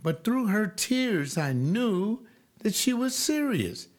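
A man's voice: sits high, very animated, takes it slowly. Earnest man, ex-preacher, webcast host; sermon cadence, rhetorical questions. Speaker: former preacher hosting a webcast.

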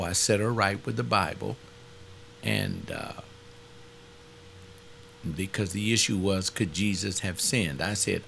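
A man's voice: low-pitched, creaky, a bit bright, a little hiss or hum. A man who leads Bible studies, speaking informally in a blunt, emphatic, rambling way. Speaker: Bible study teacher. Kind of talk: informal teaching talk.

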